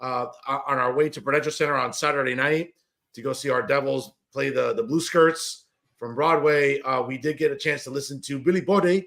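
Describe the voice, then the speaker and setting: A man's voice: medium pitch, brisk, gravelly, a bit bright. A man hosting a wrestling podcast, talking casually and rambling, with many fillers and restarts. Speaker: podcast host.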